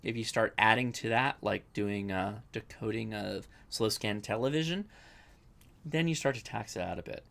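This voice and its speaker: A man's voice: lowish voice, moderate pace, vocal fry, fairly bright tone. A young adult man hosting a casual live-stream Q&A, chatty and rambling, often correcting himself as he answers viewer questions.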